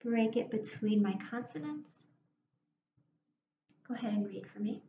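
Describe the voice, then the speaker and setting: A woman teacher giving a phonics lesson to young children, speaking slowly and clearly with encouragement. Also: on the high side, dark tone. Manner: slow, clear, encouraging classroom delivery. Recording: roomy, dull lo-fi classroom recording with faint noise.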